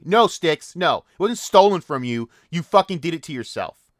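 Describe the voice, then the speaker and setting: A man's voice: fairly high pitch, lively intonation, moderate pace, no echo, studio quality. A man hosting a commentary channel, ranting in a profane, mocking and exasperated way.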